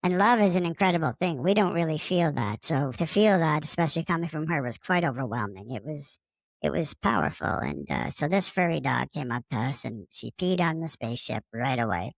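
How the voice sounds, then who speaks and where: Gravelly low-voiced alien guy, played by a man, immature, rambling, loves swearing, dry close sound. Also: expressive, a little fast, no echo. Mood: chatty. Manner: rambling, casual, fond of swearing. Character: friendly, immature male space alien taking over a podcaster's body. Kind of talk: casual improvised monologue.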